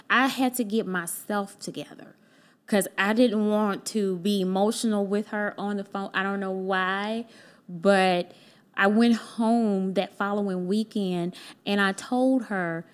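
A woman's voice: medium pitch, steady tone, measured pace. A woman guest on a podcast telling a heartfelt personal story in casual conversation. She acts out what other people said to her.

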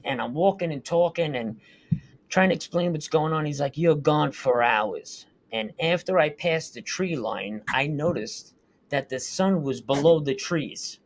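A fairly high-pitched man tells his story casually, with earnest and vivid detail. He talks like a guest sharing something that happened to him. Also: expressive, moderate pace, slight background noise. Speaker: guest recounting a UFO sighting. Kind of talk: casual first-person storytelling.

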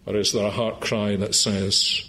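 A Scottish preacher delivers his sermon at an unhurried, deliberate pace. His voice sits on the low side, and he presses his appeals to the listener with earnest pleading before closing in prayer. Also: level tone, bright, forceful tone. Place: church meeting.

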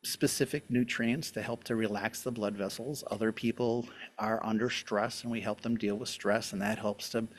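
A middle-aged man, a doctor appearing as a guest on a health show, explaining things in a relaxed chat and laughing often. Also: on the low side, moderate pace, few pauses.

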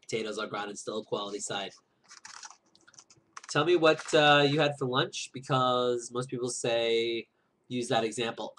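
A man's voice: medium pitch, normal speed, fairly bright tone, slight background noise. A man rambling casually to viewers in a vlog, full of fillers and restarts, chatting while he eats lunch. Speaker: vlogger.

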